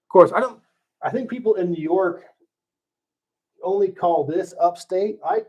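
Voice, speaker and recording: A man's voice: high-pitched, normal speed, a little mellow. A middle-aged man answering viewer questions on a casual livestream, thinking aloud with fillers and restarts. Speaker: livestream host. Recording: slightly dull lo-fi stream audio.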